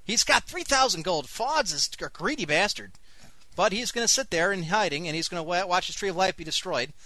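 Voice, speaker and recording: A man's voice: high voice, animated, a little fast, pushed and bright, no echo. Wry man casting a strategy game. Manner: wry, sarcastic asides. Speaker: host and game caster. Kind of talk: live strategy-game commentary on an online radio show.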